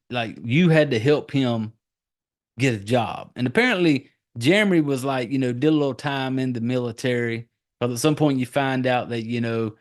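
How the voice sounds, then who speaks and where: A man in his forties, a podcast host, giving a rambling, profane casual recap of a movie. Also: medium pitch.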